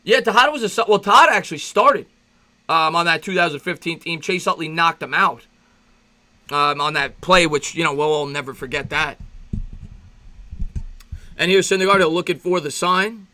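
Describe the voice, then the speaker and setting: A man calling a baseball game play by play as a fan host, chatty and rambling, breaking off between pitches to greet viewers and reminisce, his voice jumping up when excited. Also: normal speed, long pauses. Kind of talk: amateur play-by-play commentary with reaction.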